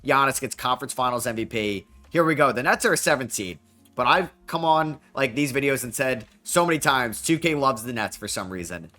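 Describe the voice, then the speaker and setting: A young man commentating his basketball video game as he plays, excitable and quick to groan and yell at bad plays. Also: medium pitch, faint music behind. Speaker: gaming YouTuber. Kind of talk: game commentary while playing.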